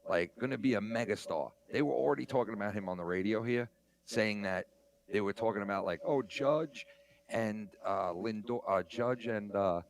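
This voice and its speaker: Low-voiced guy, rambling, profane, excitable podcast co-host. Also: normal speed. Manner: rambling, profane, excitable, says "bro" a lot. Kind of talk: casual chat.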